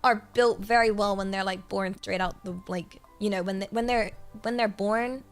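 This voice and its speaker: A woman's voice: medium pitch, fairly even intonation, moderate pace, clean tone, soft background music. A woman chatting casually on her livestream, rambling with many fillers and giggling often. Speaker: streamer.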